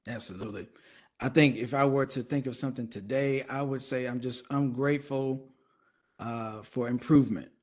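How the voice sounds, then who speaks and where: A man hosting an online talk show interview, speaking in a measured way and repeating words for emphasis. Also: medium pitch, steady tone, a little mellow.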